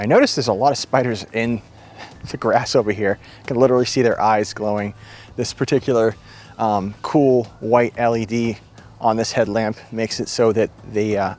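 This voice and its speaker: A man's voice: medium pitch, darkish tone. A man with a New England accent, chatting enthusiastically and folksily while he reviews a headlamp outdoors at night. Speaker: gear reviewer. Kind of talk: casual outdoor product review. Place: outdoors at night near woods.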